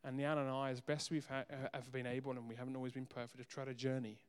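A man preaching a sermon as pastor, earnest, moving between soft quiet asides and emphatic raised lines. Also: mid-range voice, flat delivery, quick pace, smooth. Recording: long hall reverb.

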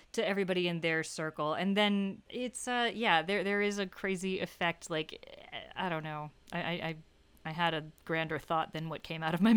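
A woman's voice: fairly low pitch, a bit bright, smooth. A woman co-hosting a podcast, chatting about a film in a reflective, laughing way. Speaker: podcast co-host. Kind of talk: casual film discussion.

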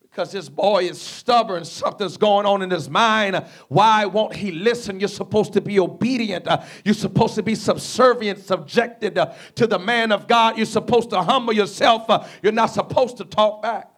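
A man's voice: sits high, normal speed, hardly any pauses, fairly bright tone. A man preaching a sermon as a guest preacher, telling a Bible story and acting out its dialogue. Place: church before a congregation.

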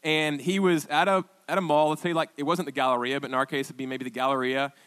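A man preaching a sermon as pastor, telling stories in a chatty, halting way with restarts and quoted dialogue. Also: on the high side, little pitch movement, a bit bright. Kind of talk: conversational sermon storytelling.

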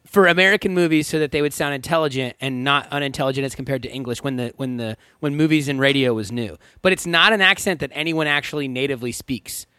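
A man's voice: mid-range voice, fast, few pauses, pushed and bright, clear, resonant tone, no echo. A man co-hosting a casual podcast with bandmates, laughing easily and explaining things at length. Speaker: podcast co-host and band member. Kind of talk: casual chat.

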